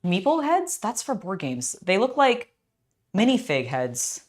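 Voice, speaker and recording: Tired, excitable woman streamer. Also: medium pitch, measured pace, slight background noise. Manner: scattered, excitable, self-talking. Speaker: streamer building a LEGO set. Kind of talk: casual live-stream chat.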